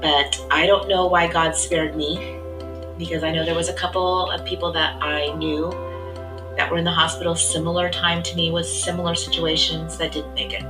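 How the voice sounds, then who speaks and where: A middle-aged woman sharing her faith testimony in an earnest, reflective way, often trailing off softly. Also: fairly low pitch, level tone, moderate pace, music in the background, rough recording.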